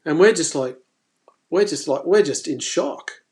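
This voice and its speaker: A man hosting a live fishing stream, telling a story in an animated, exclaiming way. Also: fairly high pitch, unhurried. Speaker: fishing presenter.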